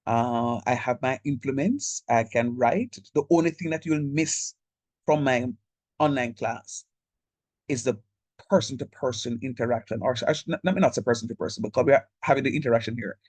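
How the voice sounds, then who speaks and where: Jamaican male lecturer on a video call, chatty and direct, mid pitch, dry sound. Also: normal speed, darkish tone, no room sound. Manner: direct, chatty, code-switches into local speech. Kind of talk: online math lecture.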